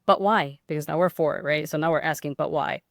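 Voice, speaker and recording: A woman's voice: sits low, fairly quick, creaky, no room sound, studio quality. A woman talking as a guest on a podcast, explaining at length in a rambling, conversational way with many fillers and restarts. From Hispanic background. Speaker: pediatric sleep consultant and guest. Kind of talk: casual podcast interview.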